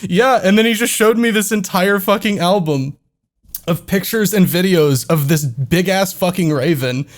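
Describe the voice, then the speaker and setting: A young man with a somewhat high voice tells a rambling story in casual podcast chat. He laughs along with himself and swears often, backtracking and correcting details as he goes. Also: moderate pace. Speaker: podcast co-host.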